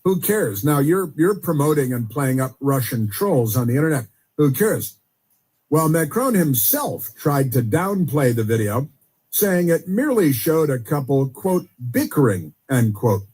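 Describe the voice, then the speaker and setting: Husky-voiced man hosting a rambling talk show. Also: medium pitch, very animated, moderate pace, a little mellow. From United States. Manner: sarcastic, rambling with many fillers and restarts. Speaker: podcast host. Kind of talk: casual commentary.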